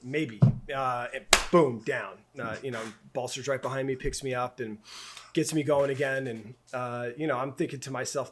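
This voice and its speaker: A middle-aged man telling a personal story as a guest in a podcast interview, halting and heartfelt, with many restarts and repeated words. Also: medium pitch, steady tone. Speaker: camp director guest.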